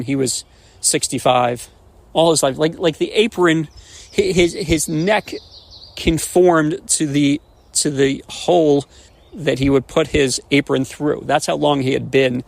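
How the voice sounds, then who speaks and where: A man in his forties, a rabbi, telling stories and jokes on a podcast in an animated way, often restarting words. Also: medium pitch, vocal fry. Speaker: rabbi and educator. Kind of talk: podcast storytelling.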